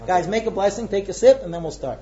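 A man leading a ritual meal and explaining each step to his guests in a brisk, good-humored way. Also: sits high, highs cut off, heavy background noise. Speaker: seder leader. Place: room with a group of guests.

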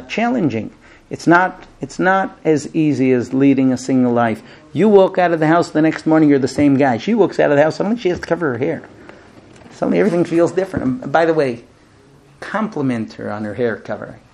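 A man teaching grooms about marriage in a lively, humorous lecture, acting out bits of dialogue and using many fillers. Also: a little high, brisk, vocal fry. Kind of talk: lively lecture to a small class. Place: room with a live audience.

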